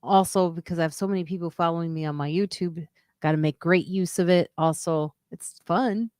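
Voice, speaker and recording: A woman's voice: fairly quick, darkish tone, no room sound, studio quality. A woman comedian hosting her own live stream in a casual, chatty way, greeting viewers and reading out their comments. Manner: says she is using a weird low radio voice. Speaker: comedian and podcast host.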